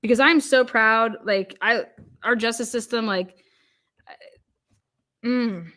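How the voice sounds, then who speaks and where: A woman's voice: on the high side, slow, a bit bright. Angry, profane woman livestreamer. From Ohio. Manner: angry, profane ranting with frequent restarts; reads viewer comments aloud. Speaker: livestream host. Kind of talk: live stream commentary.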